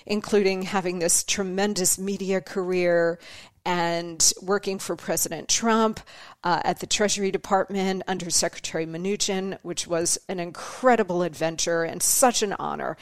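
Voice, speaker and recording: A woman's voice: lowish voice, steady tone, normal speed, no echo, studio quality. A middle-aged woman hosting her own show, telling stories in a chatty way, laughing often and acting out the voices she quotes. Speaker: podcast host. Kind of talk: casual monologue.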